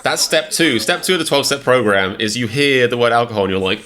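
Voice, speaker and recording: A man's voice: medium pitch, fast talker, a crowd in the background. A British man hosting a reaction video, rambling through self-mocking rants with many restarts. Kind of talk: casual reaction commentary.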